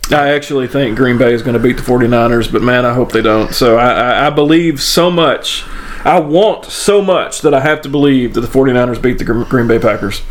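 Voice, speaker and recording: A man in casual chat who swears often, jokes and laughs a lot while talking football. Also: medium pitch.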